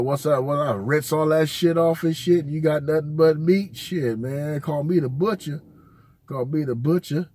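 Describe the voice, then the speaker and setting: A man's voice: a little high, a little mellow, breathy edge. A man, host of his own channel, telling casual, rambling, profane stories full of slang. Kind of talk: casual storytelling.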